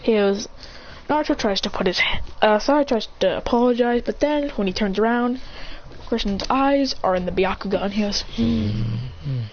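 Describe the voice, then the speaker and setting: A woman's voice: medium pitch, normal speed. A woman telling an improvised story in a rambling way, with many fillers and restarts. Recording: dull lo-fi recording with faint noise.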